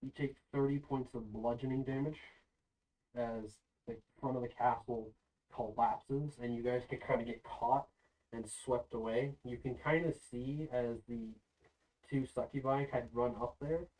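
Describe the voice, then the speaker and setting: A man's voice: mid-range voice, steady tone, unhurried, a little mellow. A man running a tabletop game as game master, narrating the action loosely with many fillers. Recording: voice a bit far from the mic.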